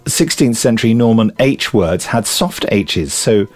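A man co-hosting a podcast, chatting casually and reading listener emails aloud in a lively, amused way. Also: on the low side, unhurried, faint music behind. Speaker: podcast co-host.

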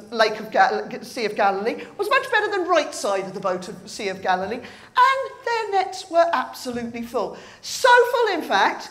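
A woman preaching a humorous sermon in a church, telling the story with animated storytelling and acting out voices. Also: high-pitched.

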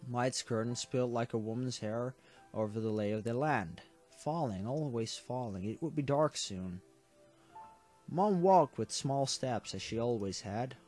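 A man narrates a visual novel aloud for his let's play audience at an average pitch. His reading is earnest, with the occasional stumble and quick self-correction. Soft game music sits faintly behind him.

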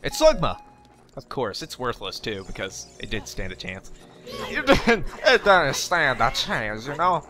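A man's voice: medium pitch, huge pitch swings, unhurried. A young man giving casual, jokey gameplay commentary, talking back to the game and swearing now and then. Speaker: let's play gamer. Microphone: facecam desk mic. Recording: game music underneath.

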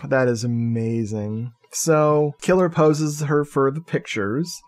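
A man's voice: medium pitch, slow pace, a little mellow. A man co-hosting a podcast, recapping a horror film in casual, jokey chat and laughing often. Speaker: podcast co-host.

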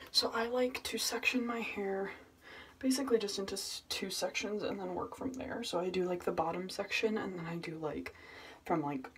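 A woman's voice: medium pitch, moderate pace, noisy background. A woman vlogging at home in a casual, rambling, self-mocking way, muttering asides to herself. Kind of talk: casual chat. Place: at home, indoors.

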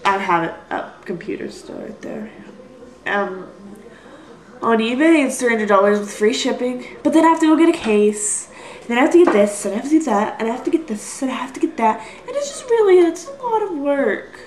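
Young woman, highish voice, rambling and apologetic, home vlog in an echoey room. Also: a little fast. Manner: rambling, apologetic, self-deprecating. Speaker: vlogger. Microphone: built-in computer mic.

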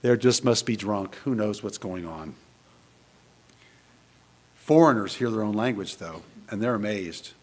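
A man preaching a sermon in church, animated and conversational, posing many rhetorical questions to the congregation. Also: on the low side, a little slow, pauses often. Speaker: pastor.

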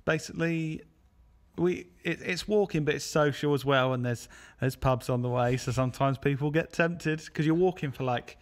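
A man's voice: a little high, normal speed. A man from England co-hosting a podcast, telling rambling stories in casual chat and mimicking people he quotes. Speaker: podcast co-host.

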